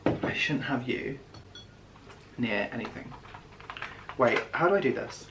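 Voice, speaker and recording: Excitable young man unboxing. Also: mid-range voice, measured pace, long pauses, background noise. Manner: excitable, gasping, dropping to whispers. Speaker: vlogger. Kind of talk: casual unboxing vlog.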